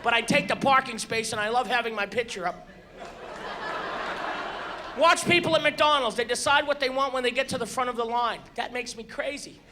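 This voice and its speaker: A man doing a stand-up comedy set on stage, exasperated and ranting, bursting into loud shouts before a live audience. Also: extremely high pitch, normal speed. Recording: live show with audience laughter and noise.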